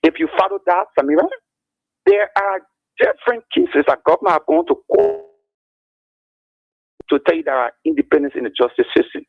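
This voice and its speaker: A man calls in to defend his point, repeatedly naming the host. His high voice is gravelly and husky, with huge swings in pitch. The phone-like line sounds dry and tinny. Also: big pitch swings, fairly quick, long pauses, no echo. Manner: argumentative, addresses the host by name. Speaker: caller. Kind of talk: political call-in commentary.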